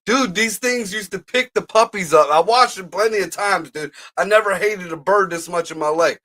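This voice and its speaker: Man, high voice, casual profane chat, slangy storyteller. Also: moderate pace, bright, forceful tone. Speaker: podcast co-host.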